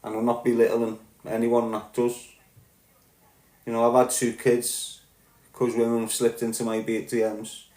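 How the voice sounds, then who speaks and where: Scouse guy ranting on his podcast, sweary, loud then mumbly, echoey room. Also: completely flat delivery, normal speed. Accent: Liverpool. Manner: blunt and profane, swings between loud outbursts and low muttering. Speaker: podcast host. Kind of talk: candid monologue.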